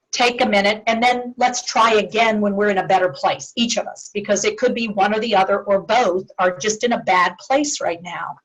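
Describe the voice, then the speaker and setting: A woman giving a talk on dementia care communication, earnest and clear, acting out example phrases as she goes. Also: medium pitch, a bit bright, low-quality recording. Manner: earnest, acts out sample phrases with shifting tone. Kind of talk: presentation to a support group.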